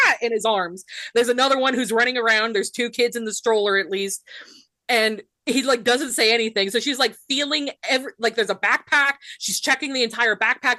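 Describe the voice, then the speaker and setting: A woman's voice: fairly high pitch, bright, forceful tone, no room sound. A woman in her thirties with a Southern US accent, co-hosting a podcast and telling a story in casual chat, laughing often and saying "like" a lot. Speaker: podcast co-host.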